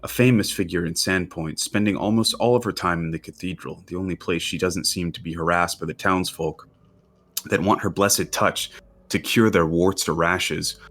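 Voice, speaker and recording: Deep-voiced man running a tabletop game. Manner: relaxed, halting, many fillers. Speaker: game master.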